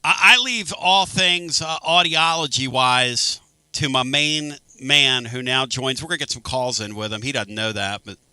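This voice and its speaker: A man's voice: medium pitch, pushed and bright, clean tone, no room sound. A man hosting a talk radio show, joking and bantering loosely with guests. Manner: loose, jokey, fast back-and-forth.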